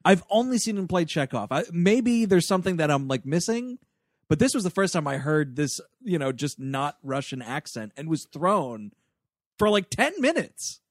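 A man co-hosting a casual movie-review podcast, animated and acting out the characters he quotes. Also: on the high side, moderate pace, dry recording, clean studio sound. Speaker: podcast co-host.

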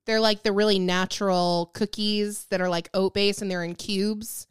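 A woman co-hosting a podcast, telling relaxed stories in casual chat with soft laughs. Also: medium pitch, normal speed, clear, resonant tone, dry recording, clean studio sound. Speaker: podcast co-host.

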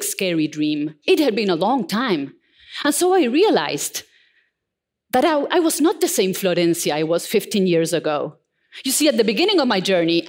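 A woman in her forties giving a motivational keynote talk, telling stories and putting questions to the audience with emphasis. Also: on the high side. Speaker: motivational speaker.

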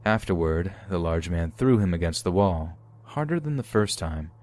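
Deep-voiced male horror story narrator. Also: expressive, moderate pace, a little mellow. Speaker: podcast narrator. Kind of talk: scripted narration of true horror stories.

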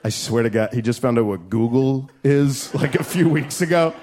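A man doing a stand-up set, brash and profane, shouting his punchlines on a handheld stage mic. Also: mid-range voice, moderate pace, hardly any pauses. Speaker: stand-up comedian. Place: comedy club stage. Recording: crowd laughter, noisy club. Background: laughing crowd.

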